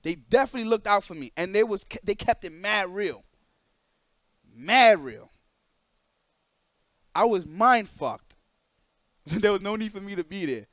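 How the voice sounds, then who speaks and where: A high-pitched man rants a story to his stream chat, repeating himself for emphasis and slipping into other people's voices. The sound is dry and close, with no room around it. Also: animated, unhurried, long pauses, a bit bright, no room sound.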